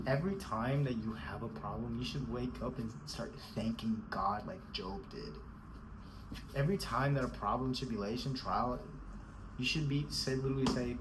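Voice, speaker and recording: A man's voice: medium pitch, expressive, moderate pace, long pauses, background noise. A man giving a scolding, emphatic motivational rant, repeating himself and calling the listener bro. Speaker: motivational speaker.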